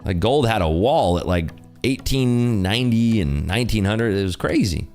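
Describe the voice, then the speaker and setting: Tired, animated male stream host. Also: fairly low pitch, moderate pace, faint music behind. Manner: animated, joking, reads chat aloud. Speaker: day-trading livestream host. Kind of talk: casual livestream chat.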